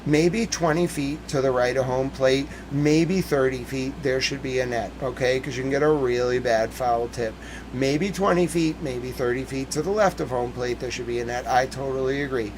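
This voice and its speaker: A man's voice: medium pitch, normal speed, slight background noise, low-quality recording. A young man ranting in an exasperated, heated way as host of a casual talk stream. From Boston area, United States. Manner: heated, exasperated rant with frequent swearing and shouting.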